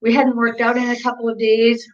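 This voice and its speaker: A woman's voice: fairly high pitch, flat delivery, brisk, slight background noise. A woman coaching and co-hosting a live workout stream, chatting casually and rambling with frequent giggles. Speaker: fitness coach and co-host. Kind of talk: casual livestream chat. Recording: distant, dull lo-fi sound.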